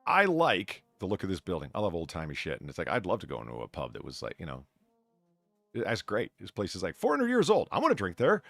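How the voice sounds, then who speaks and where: A man's voice: deep voice, wildly swooping pitch, fast, gravelly, a bit bright, no room sound. A man hosting a casual podcast, reading news aloud with swearing and stumbling restarts. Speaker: podcast host.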